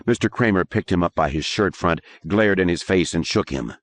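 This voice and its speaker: A man narrating an audiobook in a measured, expressive way. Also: deep voice, no room sound. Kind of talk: scripted narration.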